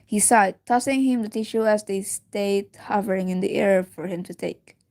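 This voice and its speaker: A woman's voice: mid-range voice, normal speed, darkish tone. Woman reader, casual read-aloud of a story, stumbles and restarts, giggly asides, mid-range voice.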